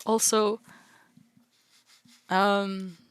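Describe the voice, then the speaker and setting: A woman's voice: mid-range voice, level tone, extremely slow, clear, resonant tone, no echo. A Norwegian-accented woman streamer giving chatty, giggly let's-play commentary.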